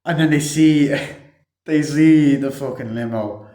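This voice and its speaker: A man's voice: on the high side, slow pace, warm tone. A man giving a casual, rambling movie review full of fillers and swearing. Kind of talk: casual spoken film review. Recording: echoey room.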